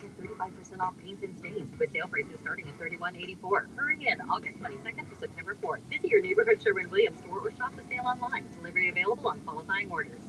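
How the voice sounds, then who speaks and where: A male announcer giving a brisk, upbeat scripted commercial read. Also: high-pitched, big pitch swings, background noise. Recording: ad played back from a distance over music.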